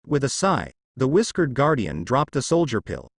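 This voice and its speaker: A man reading a fan-fiction story with expressive, animated pitch. His voice is recorded close and dry, with no room sound. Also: normal speed, gravelly, breathy edge, no echo. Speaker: narrator.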